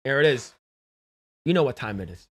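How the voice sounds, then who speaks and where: A man's voice: medium pitch, lively intonation, normal speed, fairly bright tone, slightly rough. A man hosting a podcast livestream in casual, blunt, rambling commentary, laughing now and then. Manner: blunt, rambling, laughs at his own jokes.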